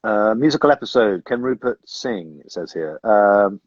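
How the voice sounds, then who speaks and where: A man's voice: fairly low pitch, expressive, normal speed, dry recording. A man, an actor, chatting casually on a phone livestream, rambling and hesitant as he answers fan questions. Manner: rambling, hesitant, self-interrupting. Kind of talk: casual live-stream chat. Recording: dull lo-fi phone audio.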